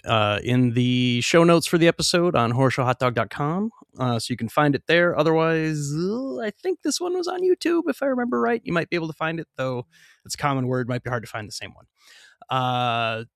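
A man's voice: medium pitch, smooth, no room sound, clean studio sound. Loose, joking podcast co-host man. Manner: loose, joking, swears, trips over his sign-off. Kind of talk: casual chat.

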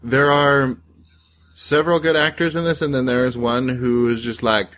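A man with a voice of middle pitch, talking through a horror short with his co-hosts in an easy podcast chat. He keeps it dry and wry, with deadpan quips. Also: normal speed. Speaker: podcast co-host.

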